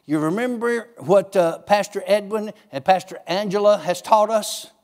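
Animated high-voiced male preacher. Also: normal speed, long reverb tail. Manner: animated, acts out dialogue with God in a raised voice. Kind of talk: sermon with storytelling.

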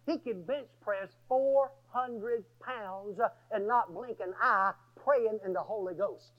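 A man telling a story in a sermon, folksy and animated, often bursting into shouts. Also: high-pitched, slow pace. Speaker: preacher. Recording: dull lo-fi sermon recording.

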